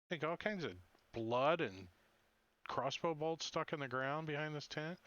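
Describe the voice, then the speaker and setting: Bright, clear-voiced male game master. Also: fairly high pitch, normal speed, dry recording. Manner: lively narration, chuckling often. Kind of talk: narrating a tabletop game. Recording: slightly muffled online audio.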